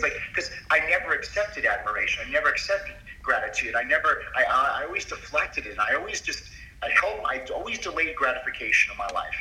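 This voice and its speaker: Earnest middle-aged man, bright roomy sound. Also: medium pitch, lively intonation, fast. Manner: earnest, emphatic, confiding. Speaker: doctor as podcast guest. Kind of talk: confessional storytelling in a conversation. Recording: roomy sound from a distance off mic.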